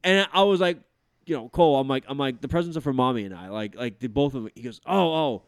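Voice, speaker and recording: Animated storytelling dad, dry mic. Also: male voice, medium pitch, fast talker, clean tone, no room sound. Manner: animated storyteller, swearing, many fillers. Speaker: podcast host. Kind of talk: casual chat.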